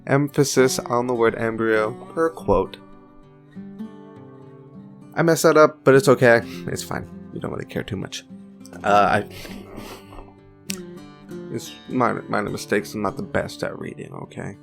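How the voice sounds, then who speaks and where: A man's voice: lowish voice, measured pace, gravelly, long pauses, faint music behind. A man giving a casual opinion monologue for a video, informal and chatty with joking side remarks. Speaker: video commentator.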